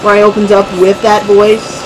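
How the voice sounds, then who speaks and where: High-voiced man rambling over gameplay. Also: monotone, normal speed, noisy background. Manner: rambling, self-mocking, chuckling. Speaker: let's play host. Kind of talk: casual gameplay commentary.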